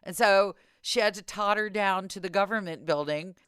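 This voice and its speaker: A woman hosting a podcast in casual chat, telling stories in an animated, exasperated way. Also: medium pitch, moderate pace, clear, resonant tone, no room sound, studio quality. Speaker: podcast host.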